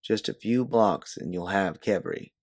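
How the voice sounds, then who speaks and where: A man narrating a second-person audiobook story in a steady, measured way. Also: lowish voice, dry recording, studio quality.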